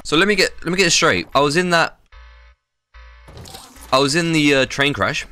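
A man streaming a game live, reacting loudly and excitably with lots of swearing. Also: on the high side, normal speed, faint music behind. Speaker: gaming streamer. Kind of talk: casual live-stream gameplay commentary.

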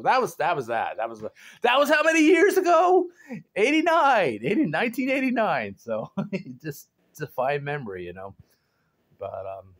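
A man in his forties chatting casually to his viewers from home, rambling and laughing often, jumping into high excited exclamations. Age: 40s. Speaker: vlogger. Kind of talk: casual chat to camera. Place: home garage.

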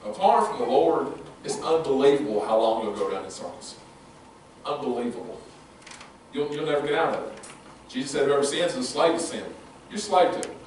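A man's voice: fairly high pitch, a bit bright, a little hiss or hum. A man preaching a sermon as pastor, impassioned with folksy asides, in a church sanctuary. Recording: very echoey room, voice from far off.

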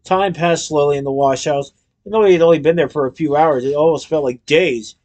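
A man narrating a children's storybook aloud in a lively storytelling manner. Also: fairly high pitch, brisk. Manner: lively storytelling with character voices.

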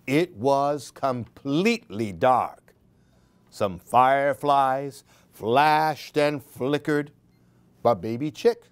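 Slow, sing-song woman reading picture books. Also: extremely low pitch, a little mellow, dry recording. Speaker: storyteller.

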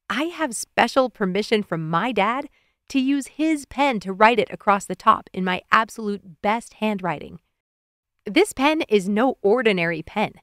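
A woman narrating a children's audiobook in the first person of a young boy, reading clearly and expressively. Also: medium pitch, fairly bright tone, dry recording, studio quality.

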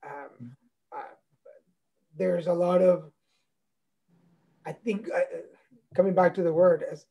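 Man, podcast host, fairly high voice, casual interview, reflective, encouraging. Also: slow pace, vocal fry, pauses often, muffled recording. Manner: reflective and encouraging, searching for words.

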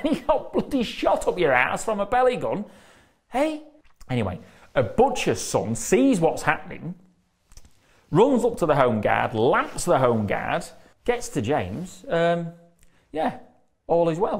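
A man's voice: fairly high pitch, gravelly, dry recording, clean studio sound. A middle-aged man, telling stories to camera in a blunt, casual way, swearing and laughing as he goes. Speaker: documentary presenter.

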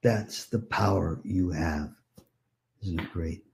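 Speaking slowly in a deep voice with vocal fry, a man gives a conference keynote. He jokes with the audience and tells playful stories, doing the voices of his family members.

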